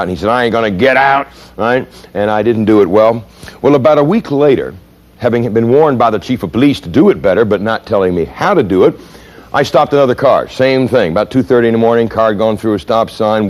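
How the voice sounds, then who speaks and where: A middle-aged man giving a seminar lecture, telling stories and acting out voices and sounds to make his points. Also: on the low side. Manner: animated, dramatic storyteller, mimics voices and sounds. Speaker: seminar speaker. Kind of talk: lecture with acted examples.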